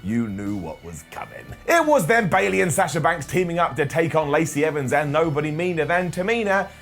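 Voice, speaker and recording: A man talks through a wrestling review with sarcastic jokes and side remarks. His voice sits a bit high and swings up and down a lot. Faint music plays behind him. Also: big pitch swings, fairly quick. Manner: sarcastic, joking asides. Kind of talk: casual comedic video commentary.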